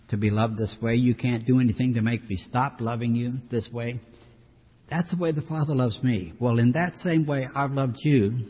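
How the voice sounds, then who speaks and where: A man's voice: medium pitch, dark tone, slightly rough. A man preaching a sermon in a conversational, folksy teaching manner with friendly asides. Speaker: pastor. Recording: dull lo-fi recording with long hall reverb.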